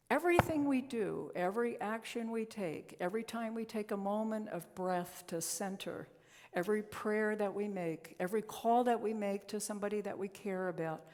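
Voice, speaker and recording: A woman's voice: mid-range voice, normal speed, darkish tone. A woman minister giving a conversational, story-telling sermon in a church sanctuary. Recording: long reverb in a church hall.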